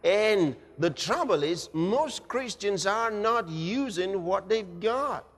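A man preaching a dramatic sermon, swinging between shouts and hushed, low passages. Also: expressive, slow pace. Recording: long reverb of a large hall.

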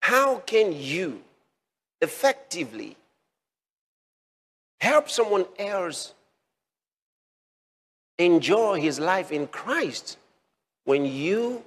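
A man delivers a sermon at a very slow, deliberate pace, repeating phrases and leaning into them with emphatic rises. His voice sits a little high, and it rings out with a long reverb. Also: slightly rough. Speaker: preacher.

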